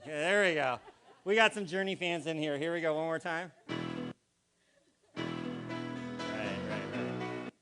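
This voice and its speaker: A man's voice: fairly high pitch, fairly quick, music in the background. A man giving a playful, interactive talk to a live congregation, acting out vocal inflections and quizzing the audience. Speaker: guest speaker at a spiritual community gathering.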